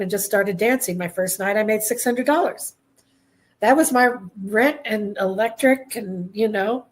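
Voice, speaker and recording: A woman telling her own story to an interviewer in a plain mid-range voice. Her delivery is candid and halting, broken by pauses and throat-clearing. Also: medium pitch. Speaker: guest, Army veteran. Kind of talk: personal testimony in conversation.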